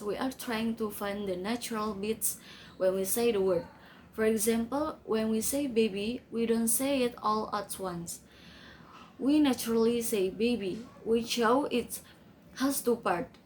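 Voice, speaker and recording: A woman reading a class presentation slowly and carefully, with small grammar slips. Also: on the high side, a little mellow, a little hiss or hum, low-quality recording. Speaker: student presenter.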